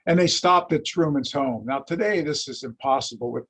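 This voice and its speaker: A man lecturing on history, telling anecdotes in a lively storytelling way and acting out the quotes. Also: a little high, moderate pace, husky. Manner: animated storyteller, acts out quotes. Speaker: lecturer and teacher.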